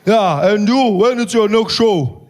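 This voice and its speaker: A man impersonating a swaggering male politician, speaking slowly, loudly and in a drawn-out way. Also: high-pitched, animated, a little hiss or hum, pitched above the performer's own voice. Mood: cocky, slow. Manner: slow, loud, drawn-out and cocky.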